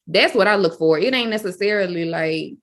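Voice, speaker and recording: A woman's voice: lowish voice, fairly quick, fairly bright tone. Candid Southern woman, podcast guest. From Louisiana. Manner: candid, emphatic, Southern slang. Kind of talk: casual podcast chat.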